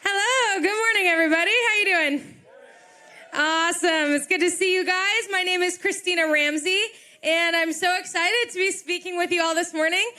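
Young woman preacher, high bright voice, chatty and self-deprecating, church stage mic. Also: steady tone, normal speed. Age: young adult. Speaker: children's ministry director. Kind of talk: sermon. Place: church auditorium.

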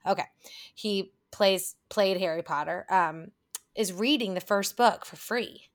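A woman co-hosting a podcast in casual chat, with a slightly raspy, gritty tone and a rambling, laughing manner. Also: medium pitch, unhurried. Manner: chatty, rambling, laughs often. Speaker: podcast co-host.

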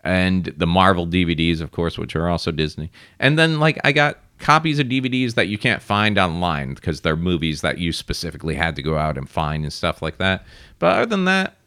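Man, low voice, casual podcast chat, animated storyteller. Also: fairly quick, no room sound, clean studio sound. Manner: animated storytelling, mimics people in high voices. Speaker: podcast co-host.

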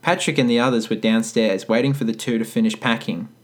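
A man casually reading a story aloud, breaking off for wry, deadpan comments. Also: medium pitch, fairly quick. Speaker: podcast co-host reading fan fiction.

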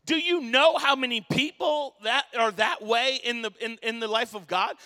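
High, bright-voiced preacher in a reverberant hall. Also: male voice, moderate pace, hardly any pauses. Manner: impassioned, storytelling, rising to shouts; casual slang like dude and bro. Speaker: pastor. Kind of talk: sermon. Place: church sanctuary.

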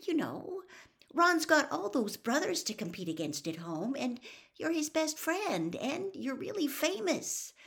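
Woman reader voicing an anxious, sensible schoolgirl, raised pitch, lively, audiobook. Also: slightly rough, exaggerated voice. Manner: earnest, persuasive, quick. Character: earnest, anxious, sensible teenage girl. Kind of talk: audiobook character reading.

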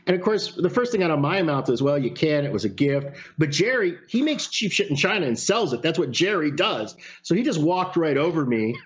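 A man telling a story in casual chat, animated, with some swearing. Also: fairly high pitch, brisk, hardly any pauses, a little hiss or hum. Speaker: podcast guest. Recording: lo-fi sound.

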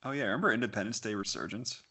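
A man's voice: lowish voice, racing, sharp tone, slightly rough. A man co-hosting a podcast in casual chat, joking and often laughing. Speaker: podcast co-host.

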